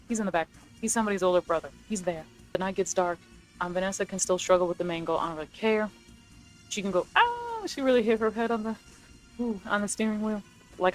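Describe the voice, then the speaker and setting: A young woman chatting casually as a video creator, rambling and excitable, correcting herself as she pitches ideas. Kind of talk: casual chat, movie rewrite ideas.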